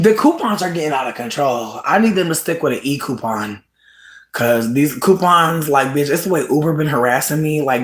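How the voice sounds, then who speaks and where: Casual livestream host, mid-pitched, profane and animated, swings into squealing laughter, echoey room. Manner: animated, profane, bursts into high laughing shouts. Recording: roomy echo.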